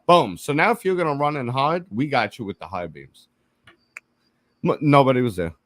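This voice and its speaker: A man's voice: medium pitch, moderate pace, no room sound. A man telling a story in casual chat, swearing freely and acting out the quotes. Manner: profane, animated, acts out quotes. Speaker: podcast co-host.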